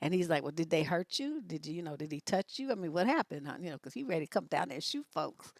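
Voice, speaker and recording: Middle-aged woman, advice host, sassy storyteller, animated pitch, dry sound. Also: quick pace, no echo. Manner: lively, sassy storyteller, big pitch jumps when quoting herself. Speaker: relationship coach and advice host. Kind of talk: casual storytelling on a livestream.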